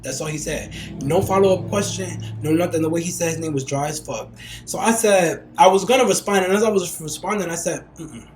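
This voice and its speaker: Fast-talking, animated man. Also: on the high side, echoey room, faint music behind. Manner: animated, profane storytelling. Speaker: podcast host. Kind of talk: casual chat.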